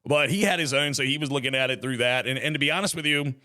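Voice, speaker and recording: Male podcast host, bright tone, chatty solo talk with joking asides. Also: mid-range voice, fast talker.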